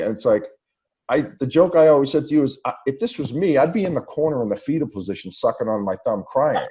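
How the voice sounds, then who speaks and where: A man's voice: medium pitch, expressive, brisk, dark tone, dull audio. A man hosting an interview podcast, chatty and friendly, with short affirmations. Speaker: podcast host. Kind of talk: casual interview.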